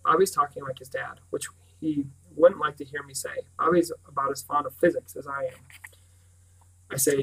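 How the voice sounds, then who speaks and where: Male audiobook narrator, steady and reflective, fairly high, distant mic. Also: moderate pace, creaky, breathy edge. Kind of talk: scripted narration.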